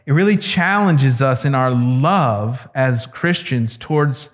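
A man preaching a sermon as pastor, earnest and slowing down to stress key words. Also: medium pitch, lively intonation. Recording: echoey hall, dull lo-fi sound.

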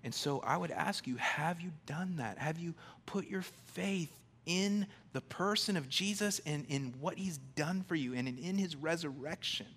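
A man delivers a church sermon in a fairly high voice. He talks to the congregation casually, then turns emphatic and swings between loud declarations and hushed, intimate lines. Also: moderate pace, hardly any pauses, slightly rough. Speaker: pastor.

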